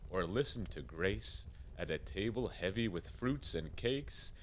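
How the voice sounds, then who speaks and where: A man voicing a calm, wise Santa Claus in a rhyming radio play, gently lecturing. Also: sits low, unhurried, slight background noise. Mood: tender.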